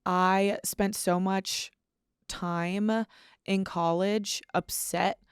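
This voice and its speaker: A woman's voice: medium pitch, fairly even intonation, drawn-out words, clear, resonant tone, no echo, clean studio sound. A woman, hosting a solo podcast in a candid, casual way, swearing freely and saying "like" a lot. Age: 20s. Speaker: podcast host.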